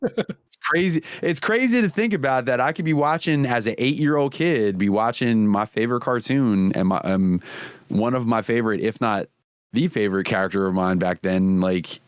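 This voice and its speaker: A man's voice: medium pitch, normal speed, clear, resonant tone, dry recording. Dry-miked, rambling, laughing podcast man. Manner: rambling, profane, laughs often. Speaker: podcast host. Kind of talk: casual comedy podcast chat.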